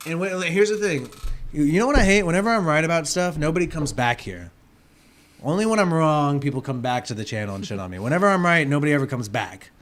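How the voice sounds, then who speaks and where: A man hosting a casual sports livestream, rowdy and profane, swinging from loud to soft, with a sore throat. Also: fairly high pitch, expressive, fast talker. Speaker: livestream host.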